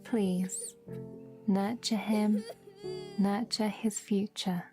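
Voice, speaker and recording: A dying old king with a British accent gives his final, tender wishes in a slow, dark and mellow voice, as a woman narrator puts him on. Soft music plays behind him. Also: high voice, flat delivery, full character voice. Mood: tender, solemn.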